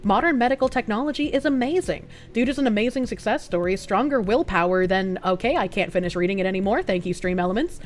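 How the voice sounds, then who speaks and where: A woman's voice: medium pitch, fast talker, faint music behind. A woman live streamer in casual chat, reading out donations and thanking viewers in a loose, profane way and laughing often.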